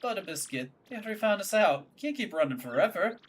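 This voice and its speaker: A woman doing a soft-spoken young mobster. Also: medium pitch, very animated, a little fast, slight background noise, voice pushed up, close to an everyday voice. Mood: tender.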